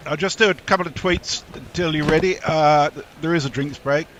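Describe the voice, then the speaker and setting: A man's voice: a little high, steady tone, fairly quick, a little hiss or hum. A man casually reading out listener messages on a cricket broadcast, with chatty, amused asides. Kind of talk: casual chat reading tweets.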